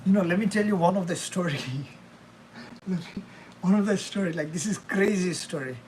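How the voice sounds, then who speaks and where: A young man's voice sits high with a darkish tone as he cooks on a live stream in his home kitchen, talking at a moderate pace. He rambles casually at his viewers, calling them "bro" and "man," and a little hiss or hum is audible.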